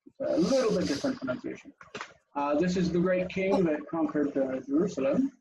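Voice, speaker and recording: A man teaching a lively online class, his voice mellow and gravelly as it rises and falls a lot. He calls on students in turn and thinks aloud. The video-call audio sounds a little dull, with faint noise behind. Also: a little high, fairly quick. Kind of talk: interactive online language lesson.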